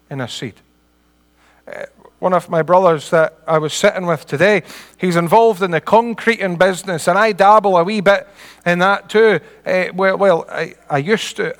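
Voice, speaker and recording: A man's voice: high voice, fairly bright tone, big-room sound. A middle-aged man with a Scottish accent preaching a sermon in an earnest, homely way, building to emphatic peaks.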